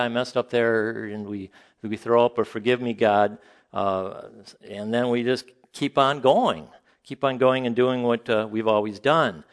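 A man preaching a sermon to a congregation, conversational and halting, with frequent fillers and joking asides. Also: mid-range voice, a bit bright. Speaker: pastor.

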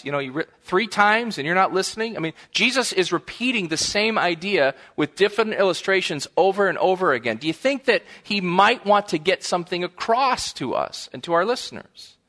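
A man's voice: high voice, expressive, fairly quick, few pauses, sharp tone. A middle-aged man preaching a sermon, telling stories and building to emphatic repetition. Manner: storytelling, rises to emphatic repetition. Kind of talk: sermon on a parable.

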